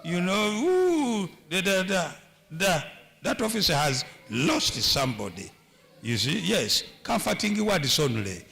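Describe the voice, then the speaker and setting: A man's voice: a little high, sing-song, a little slow, creaky, bright, forceful tone. A man preaching a humorous sermon on marriage in a church, with a Ugandan English accent, often repeating and stumbling over words.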